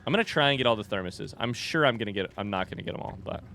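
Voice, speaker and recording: A man's voice: lowish voice, lively intonation, racing, sharp tone, slight background noise. A young man casually chatting and joking while playing through a game. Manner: chatty, joking, yelps when startled. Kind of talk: casual gameplay commentary.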